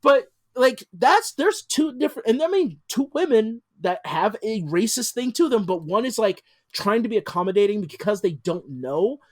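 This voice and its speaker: A woman in her thirties on a casual podcast, teasing her co-host and laughing loudly. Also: on the high side, big pitch swings, moderate pace, hardly any pauses. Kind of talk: casual chat.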